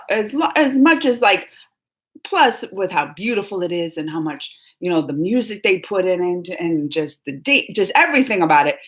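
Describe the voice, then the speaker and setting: A woman hosting a live movie chat, talking in a rambling, animated way with lots of fillers and laughs. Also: fairly low pitch. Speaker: host of a movie reaction livestream. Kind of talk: casual livestream chat.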